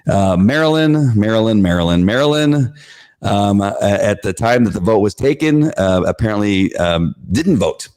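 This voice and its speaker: Animated man recapping a meeting. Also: moderate pace. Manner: animated, acts out crowd voices with sharp pitch jumps, frequent fillers. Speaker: show host recounting a school board meeting. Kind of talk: casual spoken recap.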